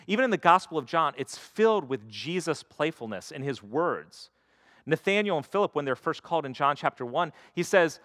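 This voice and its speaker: Man, pastor preaching, conversational sermon, slightly high voice, dry close sound. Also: very animated, moderate pace, a bit bright, no room sound. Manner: conversational, acts out quoted voices.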